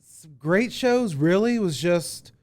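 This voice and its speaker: A man in casual podcast conversation, an animated storyteller who acts out the voices of people he quotes. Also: high voice, takes it slowly. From Cincinnati area. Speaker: guest, former concert booker.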